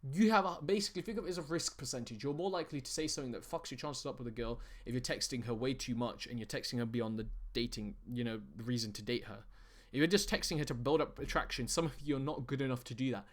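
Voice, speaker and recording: A man's voice: mid-range voice, fast talker. A young man presenting as a dating coach in an online lesson, talking bluntly with heavy profanity and calling his viewers guys and bro.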